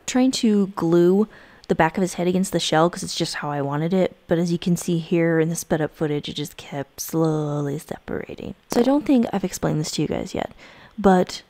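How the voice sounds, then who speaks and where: A woman's voice: fairly low pitch, normal speed, warm tone, dry recording. A woman hosting a crafting video, narrating her clay project in a casual, chatty, self-deprecating voice-over with filler words.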